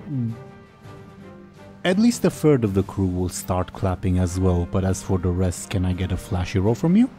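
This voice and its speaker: A man's voice: deep voice, sing-song, normal speed, over music. A man narrating as game master of a tabletop game, casual and full of fillers. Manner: casual, with many fillers and laughs.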